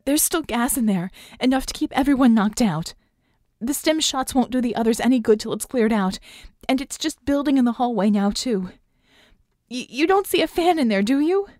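A woman voicing a hoarse young woman hacker who shouts urgent instructions. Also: medium pitch, expressive, moderate pace, no echo, studio quality, natural voice.

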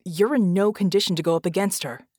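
A woman reading an audiobook voices a male red genie with stretchy arms, speaking low, grim and measured. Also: darkish tone, breathy edge, dry recording, studio quality, natural voice. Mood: firm.

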